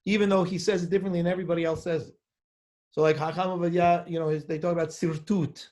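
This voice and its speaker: A high-voiced man with a level, darkish tone teaches a class on a text. He rattles off names quickly, then slows to emphasize points and puts questions to the class as he reads and explains.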